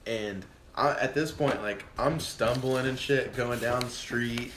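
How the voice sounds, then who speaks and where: A man in his twenties, a podcast guest, telling a casual story in a profane, animated way and acting out what people said. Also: medium pitch, a little slow, noisy background. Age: 20s. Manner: profane, animated, acts out quotes. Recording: echoey room.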